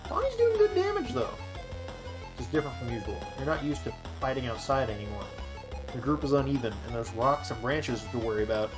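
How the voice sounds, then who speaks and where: A woman's voice: extremely low pitch, brisk. A woman streaming a story game, reacting emotionally and reading the text aloud. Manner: emotional, exclaiming and laughing at the story. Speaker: gaming streamer. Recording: clear game music behind. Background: game music.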